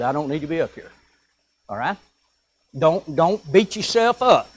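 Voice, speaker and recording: A preacher with a notably high voice delivers a sermon to his congregation. He swings between pressing, emphatic points and quieter asides, and slows right down whenever he reads from scripture. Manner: earnest, rising and falling with emphasis, reads scripture slowly. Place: church sanctuary.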